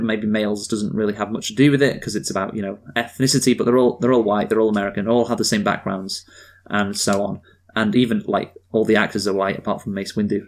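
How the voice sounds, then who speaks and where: A man co-hosting a casual film review podcast, talking in a rambling, hesitant way full of fillers. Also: on the low side.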